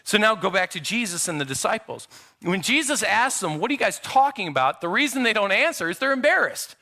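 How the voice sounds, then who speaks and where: A man's voice: high-pitched, sing-song, brisk, sharp tone. A middle-aged man preaching a sermon in a church, conversational and acting out quotes from his children. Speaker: pastor. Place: church sanctuary.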